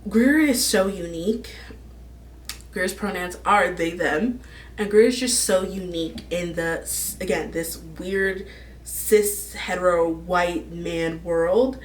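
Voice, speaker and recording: A woman's voice: lowish voice, takes it slowly, a little hiss or hum. Gushing young woman vlogger, distant mic. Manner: gushing, rambling, laughs often. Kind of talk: casual fan casting chat.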